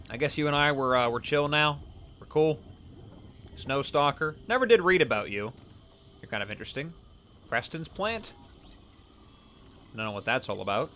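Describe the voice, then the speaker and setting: A man's voice: mid-range voice, pushed and bright, slight background noise. A man playing a survival video game and commenting casually, reading on-screen scan texts aloud. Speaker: let's play host. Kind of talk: gameplay commentary.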